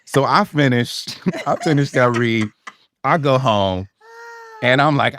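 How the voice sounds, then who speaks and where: A man's voice: medium pitch, slow pace, a bit bright, slight background noise. A middle-aged man, an actor guest on a podcast, telling an audition story and acting out his own past lines with laughs and swearing.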